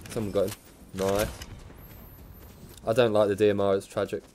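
A man's voice: lowish voice, little pitch movement, moderate pace, noisy background. A man with a chesty cough, chatting casually while streaming a game and greeting viewers. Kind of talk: casual gaming chat.

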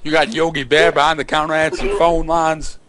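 A man making a prank phone call, bragging absurdly and mock-threatening in a deliberately ridiculous way. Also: on the high side, little pitch movement, fairly bright tone. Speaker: prank caller.

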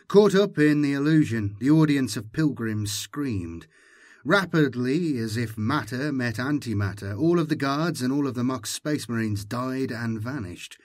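A man narrating an audiobook in a measured, dramatic storytelling manner. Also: mid-range voice, lively intonation. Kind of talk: scripted narration.

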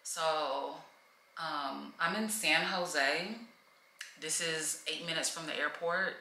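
A woman's voice: low-pitched, bright, forceful tone. A young woman vlogging to camera in a hotel room, venting and emotional, holding back tears. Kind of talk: casual vlog talk to camera. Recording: echoey room.

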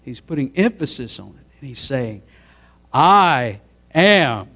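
A man's voice: medium pitch, sing-song, fairly quick, gravelly, breathy edge. A man preaching a sermon as pastor, asking the congregation to join in and building to emphatic peaks. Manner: preaching with rising emphatic build-ups and audience prompts.

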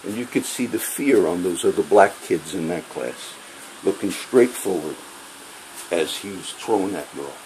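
A man with a very low voice rants in a heated, profane tirade, hammering the same points again and again. A faint air-conditioning hum sits behind him. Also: expressive, unhurried, darkish tone, rough recording. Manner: heated, profane, repeating himself. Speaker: vlogger. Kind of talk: angry personal rant to camera.

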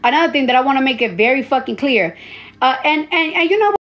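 A woman in her early thirties talks straight into her phone on a livestream. Her voice sits high. She is blunt and profane and hammers her points by saying them again and again. The audio is a little dull and lo-fi. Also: expressive, fast, a bit bright, faint music behind. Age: 30s. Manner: blunt, profane, repeats lines for emphasis. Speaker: social media personality. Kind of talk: casual livestream rant.

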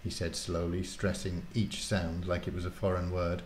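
A man, the author, introducing and reading his children's book aloud in a lively, casual way. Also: deep voice, moderate pace, few pauses, echoey room, a little hiss or hum. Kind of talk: storybook reading.

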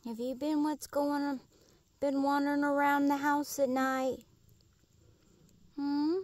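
A woman coaxing and soothing an animal in a gentle, often whispered voice, filming outdoors at night on a phone. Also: high voice, level tone, takes it slowly, no room sound. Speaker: pet owner filming wildlife. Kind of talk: soft coaxing talk to an animal.

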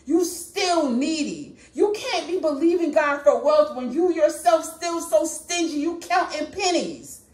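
A woman's voice: sits high, expressive, a little slow, few pauses, a little mellow, reverberant. A woman preaching a fervent prophetic sermon, emphatic and repetitive, often laughing between points.

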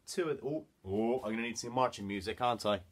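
A man's voice: medium pitch, quick pace. A man presenting a children's music lesson, talking straight to the young class in a playful, encouraging way.

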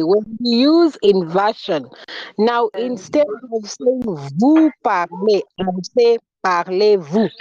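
Woman teacher, unhurried, repeats and spells out terms, quizzes the class; muffled lo-fi audio. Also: fairly high pitch, a little mellow, no room sound. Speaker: French teacher. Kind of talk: classroom lesson. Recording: dull lo-fi recording.

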